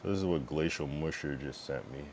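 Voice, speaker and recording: A man with a very deep, low voice talks loosely to his stream chat. He rambles with plenty of fillers and curses bluntly, and he breaks off to fiddle with his streaming setup. A faint hiss sits under the recording. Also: fairly quick, darkish tone. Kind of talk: casual livestream chat.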